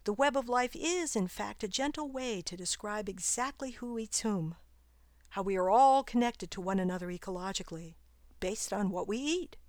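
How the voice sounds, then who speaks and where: A woman voicing a wise, calm spider near the end of its life, speaking in a gently teasing, philosophical way in a storybook reading. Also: medium pitch, moderate pace, dry recording, lightly acted. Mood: musing. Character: wise calm female garden spider nearing death.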